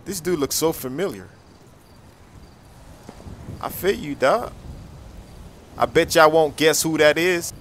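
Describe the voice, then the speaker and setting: A young man giving casual, excitable game commentary, full of slang and repeated reactions. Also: fairly high pitch, slow, long pauses, slight background noise. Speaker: gameplay commentator.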